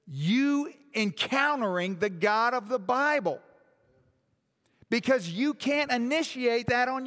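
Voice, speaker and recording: High-voiced preacher in a reverberant hall. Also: male voice, a bit bright. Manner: emphatic, with rhetorical questions to the congregation. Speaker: pastor. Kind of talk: sermon.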